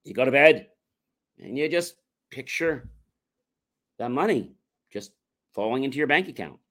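A man's voice: mid-range voice, expressive, normal speed, a bit bright. A man on a talk show explaining a mindset technique, coaching listeners and acting out repetitive self-talk.

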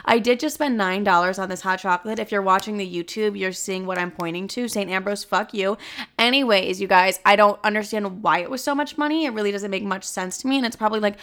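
A woman's voice: medium pitch, quick pace, fairly bright tone, clear, resonant tone. A young woman hosting her own podcast, chatting casually in a playful, profane, gossipy way. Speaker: podcast host. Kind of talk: casual chat.

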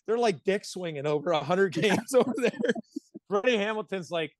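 A man in his thirties tells locker-room stories as a podcast guest, animated and quick to laugh, with plenty of swearing. His voice sits a bit high for a man, and the sound is close and dry with no room to it. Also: no room sound. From Pittsburgh area, United States. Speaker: guest, pro hockey player. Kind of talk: casual podcast storytelling.

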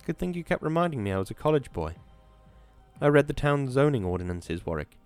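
A man's voice: medium pitch, sing-song, a little fast, a little mellow, smooth, faint music behind, pitched above the performer's own voice, natural voice. A man voicing a cocky young college-boy worker. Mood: defiant. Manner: cocky, mocking. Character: defiant, sarcastic young male college-boy mill worker.

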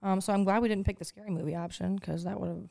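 A woman's voice: medium pitch, steady tone, fast, creaky, mellow. A young woman co-hosting a podcast in casual chat, blunt and joking, swearing freely. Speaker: podcast co-host.

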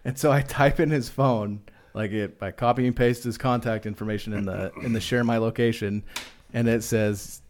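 A man telling a long story in casual chat on a podcast, animated, swearing freely and laughing often. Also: medium pitch, moderate pace.

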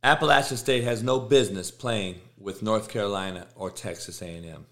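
A man's voice: lowish voice, fairly quick, a bit bright. A middle-aged man, host of a sports show, ranting casually and emphatically, swearing and repeating himself for effect. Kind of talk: casual rant on college football.

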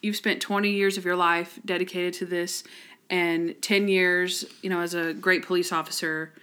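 A woman's voice: lowish voice, flat delivery, normal speed, sharp tone, smooth. A woman co-hosting a podcast, chatting casually about a TV episode, often using "like" and acting out characters' lines. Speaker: podcast co-host.

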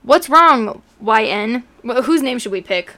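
A woman's voice: a little high, animated, measured pace, bright, forceful tone. A young woman co-hosting a casual podcast, reading fanfiction aloud and breaking off with mocking, laughing asides. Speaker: podcast co-host.

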